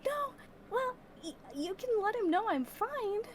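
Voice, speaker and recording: A woman's voice: extremely high pitch, sing-song, measured pace, a little hiss or hum, pitched above the performer's own voice, full character voice. A woman voicing a sheltered young woman who answers hesitantly and a little cheekily. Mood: evasive.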